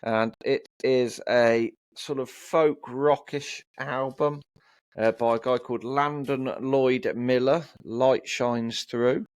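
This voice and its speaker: A man's voice: medium pitch, fairly even intonation, slow pace, dry recording. A man co-hosting a casual chat about records, reading album blurbs aloud with frequent ums and restarts. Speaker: co-host.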